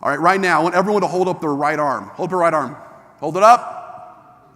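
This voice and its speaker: A man giving an animated, enthusiastic motivational talk to a live audience, telling a story with lots of energy. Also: fairly high pitch, racing. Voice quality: enthusiastic, animated delivery with frequent restarts. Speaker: motivational speaker. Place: large hall with an audience. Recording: long hall reverb from a live talk.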